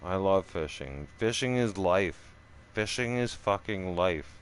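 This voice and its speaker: A man's voice: sits low, animated, slow pace, a little hiss or hum. A middle-aged man telling a profane, rambling story in casual chat, full of "right?" asides. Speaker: streamer.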